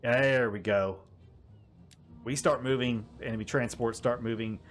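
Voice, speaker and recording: A man giving casual gameplay commentary, animated and often laughing, exasperated at the game's behavior. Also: medium pitch, measured pace. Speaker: gaming YouTuber.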